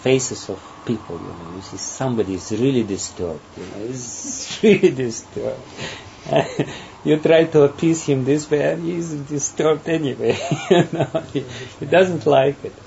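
A man giving a spiritual talk and telling a parable. He speaks haltingly, repeats words, and often breaks into laughter. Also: medium pitch, vocal fry, mellow. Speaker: spiritual teacher. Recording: dull, faint background noise.

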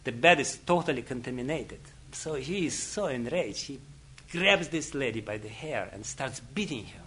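A man's voice: medium pitch, expressive, moderate pace, fairly bright tone, slight background noise. Chuckling man telling a parable. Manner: chuckling, full of "you know". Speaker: spiritual teacher. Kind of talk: storytelling lecture.

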